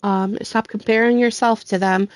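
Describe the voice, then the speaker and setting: A woman's voice: mid-range voice, fairly even intonation, normal speed, dry recording. A woman gaming streamer giving earnest, heartfelt encouragement to her viewers. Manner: earnest, sincere, with faith talk.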